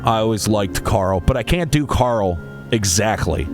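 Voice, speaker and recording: A man's voice: fairly low pitch, expressive, a little slow, long pauses. A man streaming a game, chatting casually with stammered restarts and casual swearing. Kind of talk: casual live-stream chat. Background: game music.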